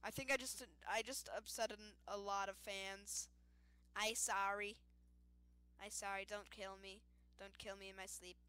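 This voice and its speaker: A young woman giving casual let's-play commentary, excitable and self-mocking, yelling at the game and giggling. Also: medium pitch, unhurried, smooth. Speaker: gaming youtuber.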